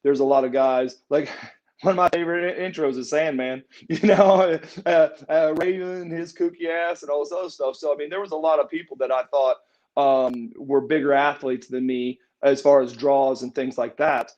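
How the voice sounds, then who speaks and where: Guy spinning a story in an interview, kinda high voice, dull muffled audio. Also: moderate pace. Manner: animated, acts out quotes with raised pitch. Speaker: interview guest, former wrestler.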